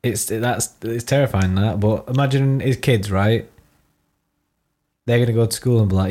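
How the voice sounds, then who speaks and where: A young man co-hosting a podcast, quick with jokes and reactions in casual chat. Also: lowish voice, dark tone. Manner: jokey, quick reactions, laughs along. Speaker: podcast co-host.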